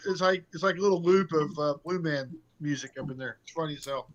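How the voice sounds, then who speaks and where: A man's voice: a little high, steady tone, normal speed, a bit bright, dull audio. A man chatting casually with friends in an amused way. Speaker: group member. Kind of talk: casual chat.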